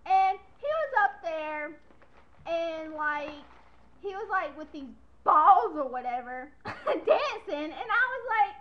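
A woman's voice: extremely high pitch, lively intonation, takes it slowly. A young woman vlogging casually to camera, chatty and giggly, rambling from one thing to the next, on lo-fi webcam audio.

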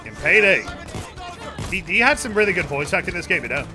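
A man streaming a game, chatting casually with viewers, excitable and swearing freely. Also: sits high, fast. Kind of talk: casual gameplay commentary. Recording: game music playing behind.

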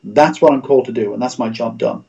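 A man's voice: medium pitch, fast, creaky, dark tone, dull audio. A middle-aged man, a Christian radio executive, speaking as a guest in a livestream interview over a video call, in an earnest, preacher-like way with repeated phrases.

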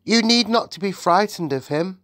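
Small earnest girl, high and lively, read by a man. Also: normal speed, slight background noise. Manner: stammering at first, then calm and eager. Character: little girl, polite and earnest.

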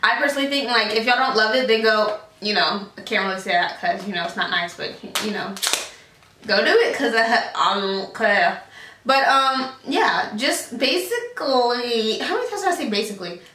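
Young woman, rambling casual vlog chat, bright voice, echoey room off-mic. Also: fairly high pitch, expressive, moderate pace, distant mic, slight background noise. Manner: rambling, lots of fillers, slangy. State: out of breath. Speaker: vlogger.

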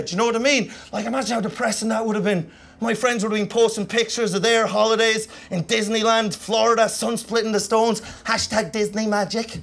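A young Irish man from Kilkenny doing stand-up in a comedy club, rambling fast and tagging lines with "you know what I mean". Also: high-pitched, vocal fry, fairly bright tone, slight background noise. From Ireland. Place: comedy club stage with laughing audience.

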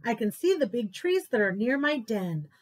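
A woman voicing a big, gentle male wolf in a children's storybook, speaking in a reassuring way. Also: a little high, big pitch swings, moderate pace.

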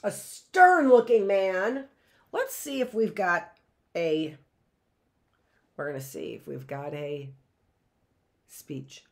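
Chatty woman teacher, slightly low voice. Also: takes it slowly, long pauses. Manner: chatty, thinks aloud with asides and rhetorical questions. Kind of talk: live online history lesson.

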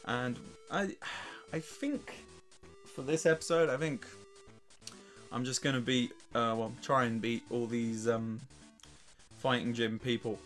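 A man's voice: mid-range voice, steady tone, measured pace, pauses often, a bit bright, soft background music. An English man with a weak, worn voice gives casual gameplay commentary, laughing and swearing as he trash-talks the game. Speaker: let's play host.

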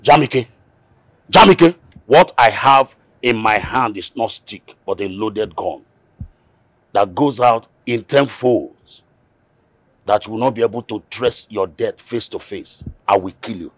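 A man's voice: lowish voice, a little slow, darkish tone, no room sound. An actor with a Nigerian accent playing a vengeful middle-aged man who threatens his nephew in a film drama. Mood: menacing. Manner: menacing, threatening.

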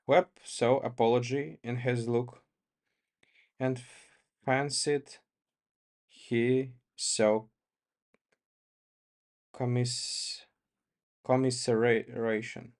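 A man reads a classic short story aloud at a slow, careful pace. He halts often and goes back to correct his own slips. His voice sits at a middling pitch. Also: little pitch movement. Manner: halting, stops to correct himself. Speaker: reader.

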